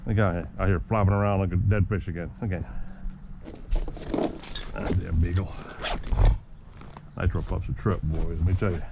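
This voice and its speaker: A man with a low voice chats to his viewers in a loose, joking way as he packs his gear. The audio sounds dull and lo-fi, with clear noise running behind him. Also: steady tone, moderate pace, pauses often. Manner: chatty, jokey, talks to viewers as guys and boys. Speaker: RC hobby vlogger. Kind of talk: casual vlog chat to camera while packing gear.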